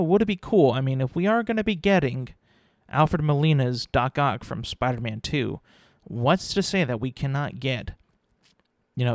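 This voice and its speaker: A young man hosts his own podcast, chatting casually by himself in a mid-range voice. He rambles, repeats words, and swears now and then. The recording is studio quality with no echo.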